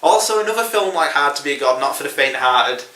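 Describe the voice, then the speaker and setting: A man's voice: fairly high pitch, lively intonation, quick pace, sharp tone, recorded from a distance. Rambling man in an echoey room. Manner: rambling, chuckles often. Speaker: film review podcast host. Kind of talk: casual chat.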